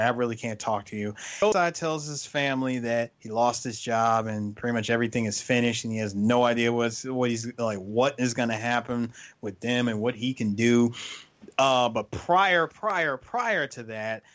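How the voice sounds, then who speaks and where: A man in casual chat, recapping a show and acting out its lines with big jumps in pitch. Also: normal speed, lo-fi sound. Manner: animated, acts out lines with big pitch swings.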